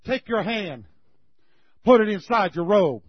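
A man's voice: high-pitched, lively intonation, unhurried, slightly rough, no room sound, exaggerated voice. A man voicing a commanding male deity who firmly repeats his orders. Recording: slightly muffled recording.

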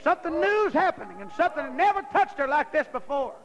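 High-voiced preacher telling a story. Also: male voice, big pitch swings, fast, a bit bright, lo-fi sound. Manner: folksy storytelling, rising into fervent preaching. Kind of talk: sermon.

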